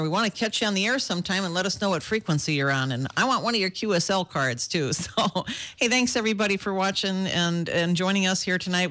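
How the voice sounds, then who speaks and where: Bright, bubbly woman on a radio chat show. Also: fairly low pitch. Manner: bubbly, enthusiastic, laughs often. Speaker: chat room moderator.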